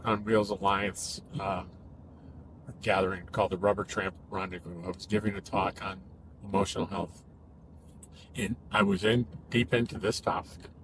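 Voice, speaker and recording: Thoughtful, measured man explaining. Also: lowish voice, background noise. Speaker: cognitive behavioral therapist. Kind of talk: casual explanatory talk.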